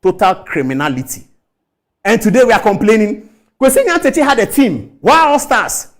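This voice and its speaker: Indignant male commentator, high and animated voice, preaching-style rants. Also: normal speed. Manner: indignant, rhetorical, mimics others in quotes. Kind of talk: impassioned commentary.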